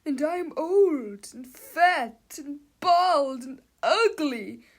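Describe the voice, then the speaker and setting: A woman reading aloud puts on a whiny little boy genius who panics at everything. His voice climbs high and gets loud, and he stretches his words into slow wails. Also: lively intonation, full character voice. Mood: wailing.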